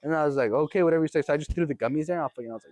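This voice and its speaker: A young man casually telling a story on his vlog in an animated way, swearing often and laughing as he goes. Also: a little high, rapid-fire, no room sound. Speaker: vlogger.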